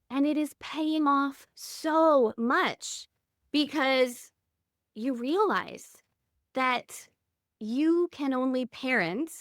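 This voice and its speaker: A woman's voice: high-pitched, fairly bright tone, dry recording, studio quality. A woman in her thirties, a podcast guest telling personal stories in an earnest, candid way. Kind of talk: reflective interview conversation.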